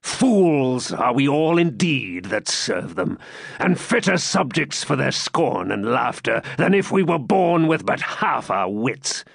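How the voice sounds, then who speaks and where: A man's voice: medium pitch, very animated, slow pace, creaky, a bit bright, slightly rough, no echo, studio quality, heavily acted. A man reading as a bitter old Saxon lord. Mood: indignant. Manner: declaiming, indignant. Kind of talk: audiobook character reading.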